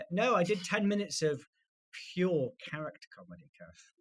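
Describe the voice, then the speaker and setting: A man co-hosting a comedy podcast, telling stories quickly in casual chat and laughing often. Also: a little high, wildly swooping pitch. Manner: quick anecdotal storytelling with frequent laughs.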